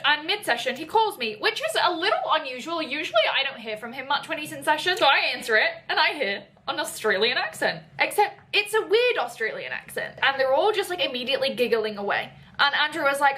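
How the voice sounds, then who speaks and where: Bright-voiced young woman telling a story. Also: fairly quick, hardly any pauses, a little hiss or hum. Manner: animated, jumps up in pitch when quoting people. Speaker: podcast storyteller. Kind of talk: casual storytelling monologue.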